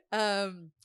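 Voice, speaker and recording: Young woman podcast host from New Jersey, crisp and close-miked, giggly banter. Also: mid-range voice, a bit bright, dry recording. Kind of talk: casual chat.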